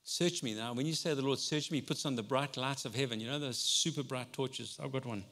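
A man preaching a sermon as pastor in a conversational way, swinging between loud and soft passages. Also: mid-range voice, steady tone, brisk. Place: church hall. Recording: long hall reverb.

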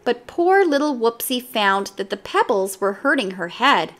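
Brief: woman storyteller, children's book read-aloud, lively and bright-pitched. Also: measured pace.

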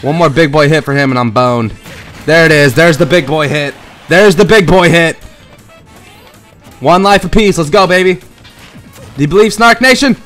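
A man giving excitable, profane gameplay commentary, trash-talking and yelling at the screen. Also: a little high, moderate pace, long pauses, soft background music. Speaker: gaming channel host.

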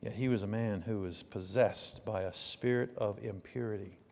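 A man preaching a sermon as a pastor, in a conversational style that swings between hushed asides and loud emphasis. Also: on the low side, steady tone, moderate pace, creaky, in a large hall, a little hiss or hum. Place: church sanctuary.

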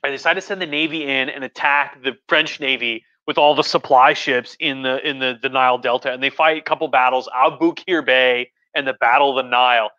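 A man's voice: mid-range voice, fairly even intonation, brisk, few pauses, pushed and bright, highs cut off. A man hosting a casual livestream history talk as a professor, rambling enthusiastically with many restarts. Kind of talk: casual lecture on a live stream.

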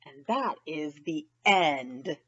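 A woman reading a children's picture book aloud, expressive and pausing to ask young listeners questions. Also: deep voice, slightly rough, lo-fi sound. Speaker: children's story reader. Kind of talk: storytime read-aloud.

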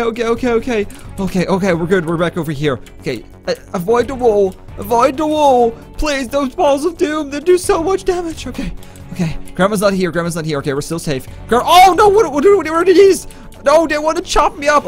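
A man giving gameplay commentary as a YouTuber, panicky and stammering. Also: extremely high pitch. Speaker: gaming YouTuber.

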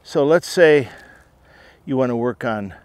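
Man, dog trainer, unhurried calm explanation, mid pitch, outdoor field, light background hiss. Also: no echo. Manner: short firm commands to a dog, with calm explaining asides.

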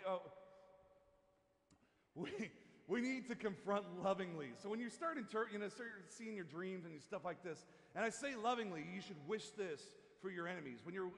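Pastor guy preaching, high voice, loose and rambly with lots of restarts, big church echo. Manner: casual, halting, with many restarts and asides. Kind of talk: sermon. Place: church sanctuary.

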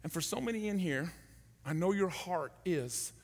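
Man, middle-aged, pastor, sermon storytelling, high pitch, echoey hall. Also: moderate pace. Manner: animated, acts out shouted quotes. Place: large church hall.

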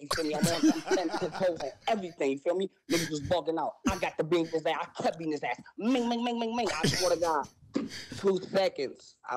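A young man telling a wild story on a podcast, loud and animated, with sound effects and profane slang. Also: fairly high pitch, low-quality recording.

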